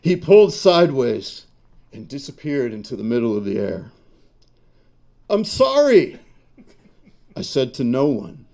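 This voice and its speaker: A man reading his own fiction aloud at a bar reading event, slow and measured. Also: mid-range voice, expressive, vocal fry, mellow.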